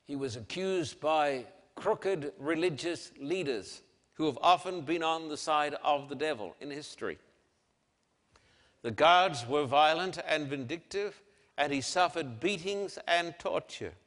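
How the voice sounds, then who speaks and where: A man preaching a dramatic sermon and reading scripture, swinging between loud declarations and hushed, soft passages. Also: a little high, expressive, a little slow, in a large hall.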